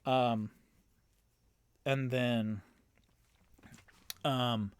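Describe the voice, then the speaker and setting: A man's voice: mid-range voice, steady tone, drawn-out words, clean tone. A man narrating a solo tabletop game as game master, in a casual, meandering way with many fillers and self-corrections.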